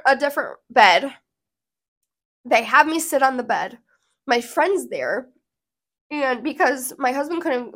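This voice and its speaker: Woman vlogger, slightly high voice, earnest and emotional casual storytelling to camera. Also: fairly bright tone.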